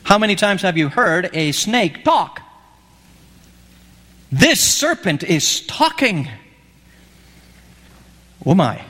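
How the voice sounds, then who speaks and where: A man preaches with a high, bright voice that leaps up and down as he tells the story and acts out its quotes. His words ring with a long reverb, as in a large hall. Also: sing-song, takes it slowly, pauses often. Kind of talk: sermon.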